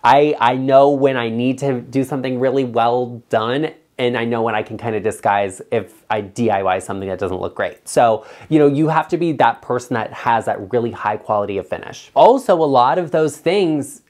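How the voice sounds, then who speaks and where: Emphatic male design vlogger, casual and blunt, swings up high on asides. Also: normal speed, few pauses, a little mellow. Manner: emphatic and chatty, big pitch jumps on asides. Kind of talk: casual straight-talking advice vlog.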